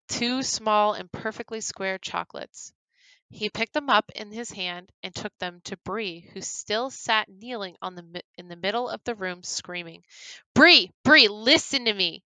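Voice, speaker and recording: A woman reading her own horror story aloud, turning hushed and grave in the dark passages. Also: mid-range voice, measured pace, smooth, no echo, poor audio. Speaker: horror story writer and reader.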